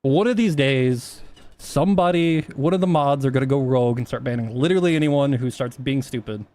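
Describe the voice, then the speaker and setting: A man's voice: medium pitch, brisk, darkish tone. A man talking casually on a stream, rambling with many restarts and plenty of swearing.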